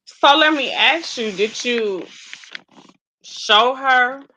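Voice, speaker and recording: A woman's voice: a little high, animated, extremely slow, pushed and bright, low-quality recording. A woman hosting a talk show, chatty and affirming as she reacts to her guest. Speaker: host. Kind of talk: casual chat.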